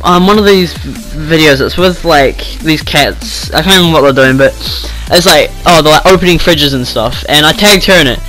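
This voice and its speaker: Teen boy, bright, slightly high voice, rambling and swearing, faint music underneath. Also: moderate pace, poor audio. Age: teens. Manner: rambling, swears freely, lots of "like". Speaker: vlogger. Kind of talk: casual storytime rant.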